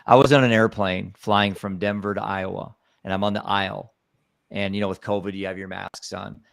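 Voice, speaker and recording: An earnest man tells a story with a low, gravelly voice. He is recorded close on a dry mic. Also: flat delivery, moderate pace, no room sound. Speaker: guest. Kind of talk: storytelling in a conversation.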